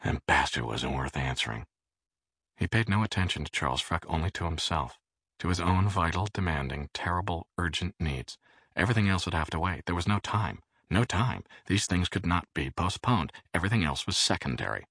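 Audiobook narrator, man, very low gravelly voice, dry close sound. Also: dry recording. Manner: measured, expressive reading.

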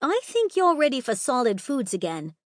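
A woman's voice: high-pitched, very animated, moderate pace, dry recording, clean studio sound, voice pushed up. A woman voicing a smug, teasing mother figure with a sing-song, condescending manner in an audiobook.

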